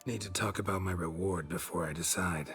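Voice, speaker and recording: Geralt, a deep terse monster hunter. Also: male voice, steady tone, brisk, a bit bright, faint music behind. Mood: curt. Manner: terse, clipped, businesslike. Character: gruff, weary middle-aged male monster hunter. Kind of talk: video game dialogue.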